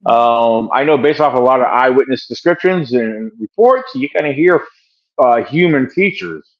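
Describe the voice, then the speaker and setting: A man's voice: mid-range voice, expressive, normal speed. Older male guest, rambling, filler-heavy, muffled home call audio. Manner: rambling, many fillers and restarts, chuckles. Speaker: wildlife and bigfoot researcher guest. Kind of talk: casual interview answers. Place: home room by the garage.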